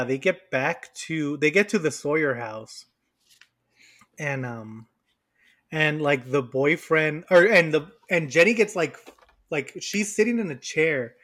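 A man's voice: a little high, a little slow, a bit bright. A man co-hosting a podcast, casually and animatedly retelling movie scenes and laughing as he goes. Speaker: podcast co-host. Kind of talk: casual chat.

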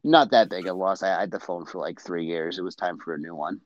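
A man guest on a casual podcast, telling an anecdote in a deadpan way. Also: sits low, brisk, no echo, muffled recording. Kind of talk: casual storytelling.

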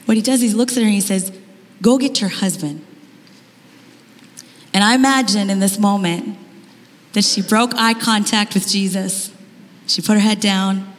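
Woman conference speaker, lively storyteller, mid pitch, reverberant hall. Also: moderate pace. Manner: animated storytelling, rising emphatic questions. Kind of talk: sermon.

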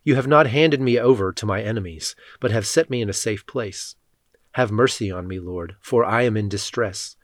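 Low-voiced man reading scripture solemnly. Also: no echo, studio quality. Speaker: scripture reader. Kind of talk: bible reading.

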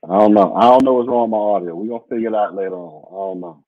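Man, podcast host, casual livestream chat, rambling and blunt, husky voice, tinny phone-like sound. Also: fairly low pitch, very fast, dry recording. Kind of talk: casual livestream chat reading viewer comments. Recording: muffled phone-like audio.

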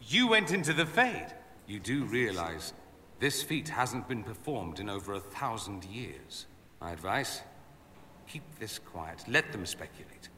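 A man's voice: on the low side, very animated, unhurried, sharp tone, a little hiss or hum, full character voice. An actor playing a haughty, refined male mage in a video game, speaking with a sardonic, cultured delivery. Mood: earnest. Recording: game audio with long reverb and faint ambience.

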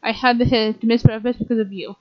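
A woman's voice: on the high side, fairly even intonation, quick pace, natural voice. Woman reading as an anxious, hissing young boy. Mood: exasperated. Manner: hushed, hissing. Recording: dull lo-fi recording.

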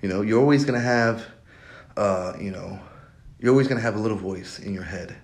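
A young man with a fairly low voice hosts his own podcast, speaking a little fast in a casual monologue. He rambles, swears, and keeps circling back to repeat himself.

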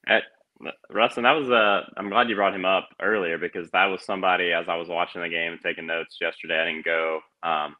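A man's voice: deep voice, fairly even intonation, a little fast. A man as a podcast guest in casual sports chat, thoughtful and hesitant, often restarting his sentences. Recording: dull lo-fi audio.

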